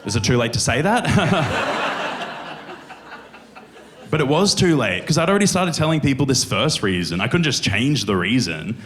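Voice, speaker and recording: A young adult man doing stand-up comedy on a club stage, telling stories in an animated way and acting out the voices of other people. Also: medium pitch, normal speed, pauses often. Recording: clear crowd noise in a comedy club.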